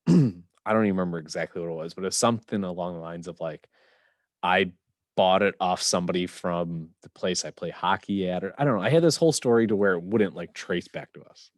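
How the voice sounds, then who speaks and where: Deep-voiced young man, dry sound. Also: no room sound. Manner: halting, with "um" and "like" fillers. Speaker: podcast co-host. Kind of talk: casual storytelling.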